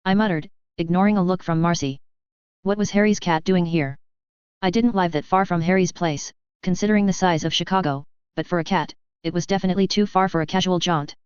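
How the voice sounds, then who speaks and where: Smooth, dry audiobook narrator. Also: mid-range voice, steady tone, fairly quick, dry recording, lo-fi sound. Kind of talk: scripted fanfiction narration.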